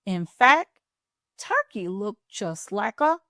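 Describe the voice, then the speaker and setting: A woman hosting a children's storytime, reading a picture book aloud in a playful, expressive way. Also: medium pitch, no echo, studio quality. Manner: expressive, playful, drawn-out delivery.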